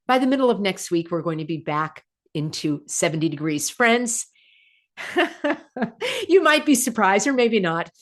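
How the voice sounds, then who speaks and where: A woman hosting her own broadcast, talking in a chatty, animated way and laughing often. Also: medium pitch. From United States. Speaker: host. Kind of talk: casual broadcast commentary.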